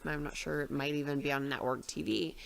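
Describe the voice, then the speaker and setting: A woman's voice: sits low, steady tone, brisk, vocal fry. A woman co-hosting a casual podcast chat, filling her talk with "like.". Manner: filler-heavy, says "like" constantly. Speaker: podcast co-host.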